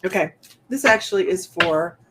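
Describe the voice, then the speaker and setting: A woman's voice: lowish voice, normal speed, noisy background. A woman hosting a casual psychic livestream, rambling and chatty, a bit out of breath as she greets viewers by name. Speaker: psychic medium host.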